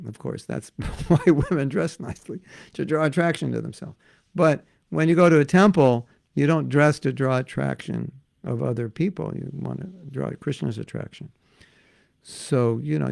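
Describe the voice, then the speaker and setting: An older man leads a relaxed devotional class in a gravelly voice. He talks casually, fields questions and now and then slips into chanted prayers. The sound is dry and close to the mic. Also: medium pitch, no echo. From United States. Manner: chatty, answers questions from the audience. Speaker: spiritual teacher.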